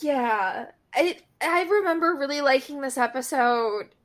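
A podcast co-host with a high, animated voice talks at a measured pace while recapping an episode. Her casual chat is hesitant and full of fillers, with some laughter mixed in.

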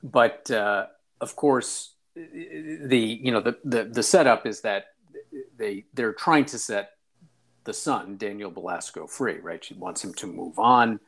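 A man co-hosting a book podcast, talking in a casual, halting way with many fillers and repeated words. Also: fairly low pitch, vocal fry, fairly bright tone, slightly rough. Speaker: podcast co-host.

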